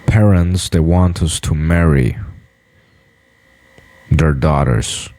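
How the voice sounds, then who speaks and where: A man's voice: rumbling low, takes it slowly, dark tone. A man in a boastful, blunt, profane monologue to camera. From United States. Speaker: vlogger.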